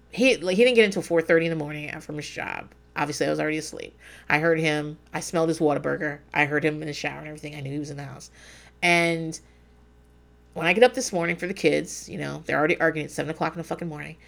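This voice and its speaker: A woman's voice: low voice, creaky. A woman hosting a podcast, giving blunt, profane commentary and telling stories from her own life. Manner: blunt, profane, animated storytelling. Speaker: podcast host.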